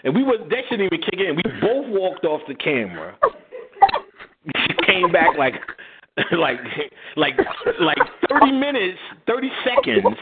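Over a noisy crowd, a radio show host with a high voice takes his time telling a slangy story in casual chat. He's animated and laughing, acting out the voices, and the line sounds tinny and phone-like with clear noise.

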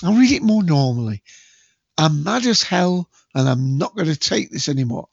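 Guy hosting a quiz, jokey and chatty, slightly higher voice, dry muffled home recording. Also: very animated, moderate pace, vocal fry, slightly rough, no echo. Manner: chatty, jokey, self-mocking, acts out movie quotes loudly. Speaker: quiz host.

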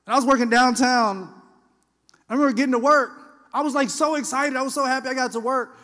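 A man's voice: extremely high pitch, quick pace, in a large hall. A man preaching a sermon in a loose, conversational way, telling stories and acting out people's lines. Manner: conversational, animated storytelling with voiced asides. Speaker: pastor.

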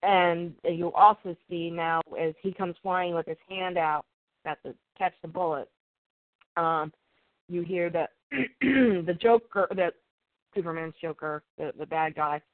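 Over a tinny, dry, phone-like recording with no room sound, a medium-pitched voice recaps a comic book issue in an unhurried, flat way. The reviewer rambles casually and reads the characters' lines out plainly.

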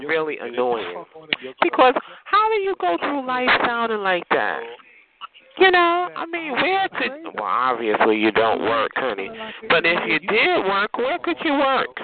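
A man hosts a phone chat line with a high, lively voice that swings up and down. He roasts a caller in a sassy, theatrical way and calls everyone honey. The sound is thin and phone-like, with a loud crowd behind it. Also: a little slow.

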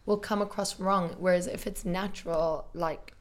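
A woman's voice: lowish voice, steady tone, normal speed. A woman hosting a podcast, chatting casually and teasing her guest with jokes. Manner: joking, teasing. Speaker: podcast host.

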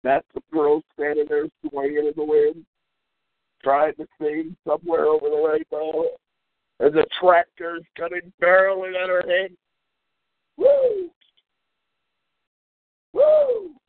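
A man's voice: on the high side, flat delivery, normal speed, dry recording. A man hosting a call-in radio show, delivering an angry, profane, mocking rant. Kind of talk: ranting call-in radio monologue. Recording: tinny phone-like audio.

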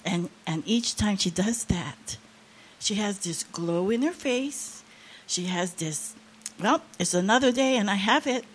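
A woman's voice: mid-range voice, normal speed, a little hiss or hum. An older woman preaching a sermon, sharing an emotional testimony with rising, impassioned emphasis.

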